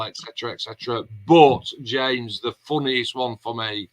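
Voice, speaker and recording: A man's voice: medium pitch, normal speed, low-quality recording. A man hosting a casual vlog chat, telling long rambling anecdotes. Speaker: vlog host.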